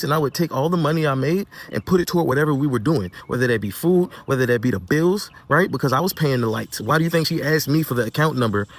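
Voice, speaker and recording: A young man rattles through his side of a breakup in a rapid, heated rant. His voice sits a little high for a man. He acts out everyone's lines, swinging from quiet to loud. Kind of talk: heated personal storytelling rant.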